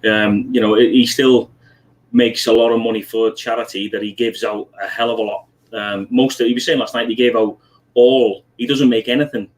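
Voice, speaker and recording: A man's voice: medium pitch, steady tone, fairly quick, low-quality recording. Scouse man, livestream host, easygoing pub-chat manner, mid-range voice. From Liverpool, UK. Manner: chatty, friendly, calls people mate.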